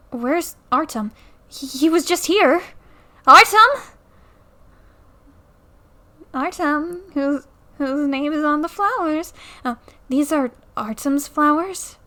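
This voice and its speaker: A woman's voice: sits high, slow, long pauses. A young woman casually commenting on a game at home into a new mic, playfully reading the dialogue aloud and joking about it. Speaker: let's play creator. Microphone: new desktop mic.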